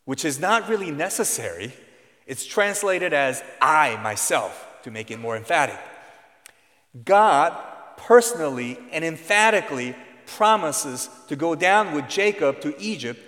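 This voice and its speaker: A man's voice: on the high side, a bit bright. Earnest male preacher in a reverberant hall. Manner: earnest teaching tone with emphatic stresses. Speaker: pastor. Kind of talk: sermon.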